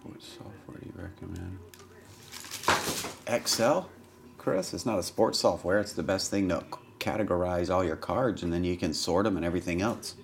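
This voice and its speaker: Man, low gravelly voice, tired and yawning, live card break host, noisy recording. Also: moderate pace. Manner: chatty, reads names off cards, yawning. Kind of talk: casual live-stream chat. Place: indoor room at a camera.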